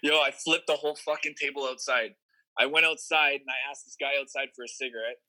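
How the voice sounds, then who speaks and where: A man's voice: mid-range voice, steady tone, a little fast, pushed and bright, rough recording. A man telling a long personal story in casual chat, rambling with plenty of fillers and swearing. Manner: rambling, profane, lots of fillers.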